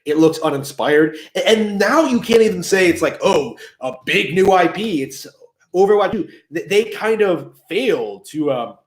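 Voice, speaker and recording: A man hosts a casual gaming commentary stream, rambling and hedging with fillers and the odd swear. His voice sits somewhat high and moves a lot in pitch. The sound is roomy and echoey. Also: animated, unhurried. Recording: echoey room.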